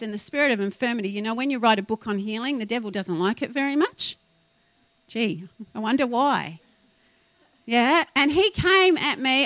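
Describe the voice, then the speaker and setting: A middle-aged woman preaching a sermon, feisty and emphatic, moving between loud declarations and quiet asides. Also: fairly high pitch, dry recording.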